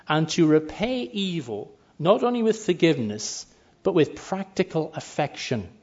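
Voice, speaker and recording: A man's voice: a little high, darkish tone. A man preaching a sermon in a conversational way, sometimes acting out quoted lines. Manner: conversational, acts out brief quoted asides. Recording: muffled lo-fi sound.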